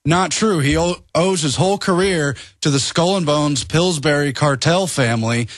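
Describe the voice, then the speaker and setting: A male reporter on a talk radio show giving brisk commentary that lists facts. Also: a little high, no room sound, studio quality.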